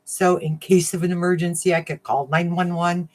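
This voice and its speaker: A woman hosting a casual crafting livestream, chatting warmly with viewers, getting emotional and laughing often. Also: fairly low pitch, flat delivery, normal speed. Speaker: livestream host of a crafting channel.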